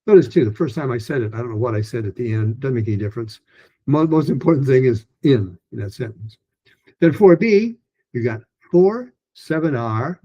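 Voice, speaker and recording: The audio is dull as a man leads a recorded pronunciation lesson at a moderate pace. He's talkative, restarting often and using fillers, and shifts into lively, higher-pitched practice drills.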